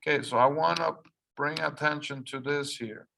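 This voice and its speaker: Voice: medium pitch, moderate pace, gravelly, fairly bright tone, slight background noise. An English teacher whose first language is Spanish, leading an ESL lesson and patiently repeating instructions and explaining step by step. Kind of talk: ESL lesson, reading aloud for repetition.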